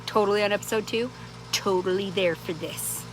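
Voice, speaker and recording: A woman's voice: mid-range voice, normal speed. A woman vlogger chatting casually to the camera, rambling and laughing often, with many restarts. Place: small town in Arizona. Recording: clear background noise.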